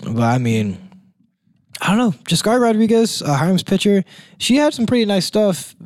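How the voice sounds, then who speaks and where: A young man co-hosting a casual college sports podcast, relaxed and rambling, full of fillers and quick laughs. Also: high-pitched, no echo, clean studio sound. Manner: relaxed, rambling, laughs often, says "like" and "dude".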